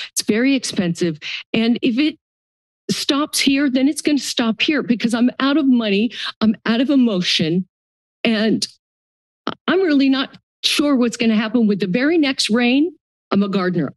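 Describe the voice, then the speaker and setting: A woman's voice: a little high, dry recording. An older woman, a grandmother and homeowner, giving emotional public comment at a county board meeting, her voice shaky. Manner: emotional, pleading, halting.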